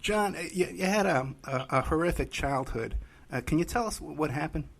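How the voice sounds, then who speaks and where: A man hosting a podcast interview, chatty and relaxed, with frequent fillers. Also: a little high, moderate pace, gravelly. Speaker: podcast host and private investigator.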